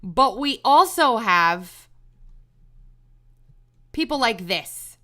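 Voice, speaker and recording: A woman's voice: on the high side, sing-song, extremely slow, sharp tone. A woman host delivering an exasperated, emphatic commentary monologue, repeating words when heated. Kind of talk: angry monologue rant.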